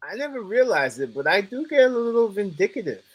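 A person joining casual podcast banter, speaking slowly and laughing along. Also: mid-range voice, big pitch swings, dry recording, rough recording. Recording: loud background noise.

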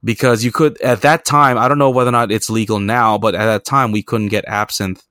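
A man's voice: lowish voice, steady tone, brisk, fairly bright tone, no room sound, studio quality. A man hosting a podcast, telling travel stories in a rambling, profane, self-mocking way. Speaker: podcast host. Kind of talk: casual storytelling chat.

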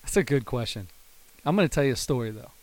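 Animated man telling a story. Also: medium pitch, fast talker, no room sound. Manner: animated storyteller, laughs hard at his own story. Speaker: podcast co-host. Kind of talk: casual chat, storytelling.

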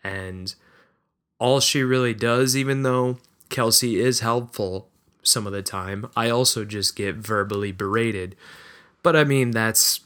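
A man's voice: on the low side, unhurried, a bit bright. Rambling male podcast host. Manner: rambling, self-deprecating, hesitant. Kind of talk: casual podcast monologue.

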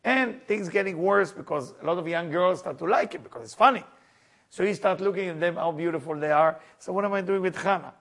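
A man telling a spiritual story as a lesson in broken, non-native English, with lively asides to his listeners. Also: high-pitched, fast talker. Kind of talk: storytelling sermon.

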